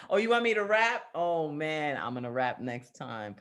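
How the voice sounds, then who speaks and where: A woman's voice: sits low, animated, a little slow. A woman hosting an online open mic over a video call, gushing and emotional as she wraps up.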